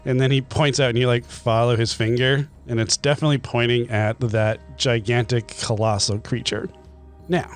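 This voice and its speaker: A man narrating a tabletop game as game master, in a relaxed, loose manner. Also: medium pitch, normal speed, faint music behind.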